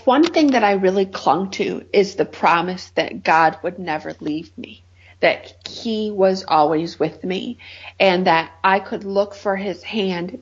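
A woman's voice: mid-range voice, husky, highs cut off. A middle-aged woman from Michigan sharing a heartfelt personal testimony as an interview guest. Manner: earnest, heartfelt storytelling.

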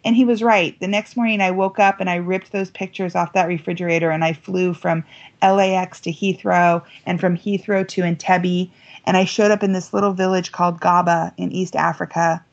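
A woman guest telling a story on an interview podcast, lively and acting out quoted voices. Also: on the low side, fairly quick, highs cut off. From United States. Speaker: guest author. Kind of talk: animated storytelling.

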